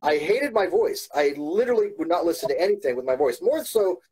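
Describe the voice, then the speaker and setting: A man's voice: on the high side, animated, a little fast, a crowd in the background, rough recording. A man talking earnestly in a casual chat, often repeating words as he starts his sentences. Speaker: YouTuber.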